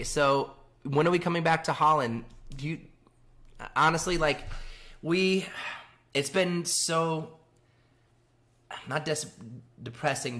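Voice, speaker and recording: A man's voice: mid-range voice, a bit bright. Chatty man streaming live from home. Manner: chatty and rambling, laughs often while reading out chat. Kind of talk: casual live-stream chat.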